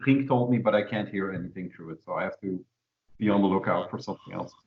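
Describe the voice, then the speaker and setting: A man's voice: low-pitched, fast, reverberant, muffled recording. A man co-hosting a podcast, easygoing and teasing, on a headset mic over an online call. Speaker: podcast co-host. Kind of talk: casual chat over a call. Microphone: headset microphone.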